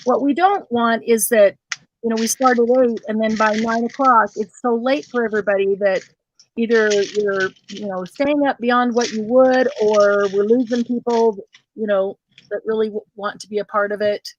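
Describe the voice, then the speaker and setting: A woman's voice: a little high, steady tone, normal speed, dull audio, slight background noise. A woman hosting a casual craft livestream, chatting with viewers and calling them by name.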